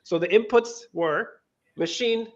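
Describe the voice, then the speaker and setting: A man, his voice sitting a little high, tells a story in a lively interview. He talks casually and restarts his sentences often, slipping into quoted dialogue. The audio sounds dull and lo-fi. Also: slow. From Venezuela. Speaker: guest, crypto lending co-founder.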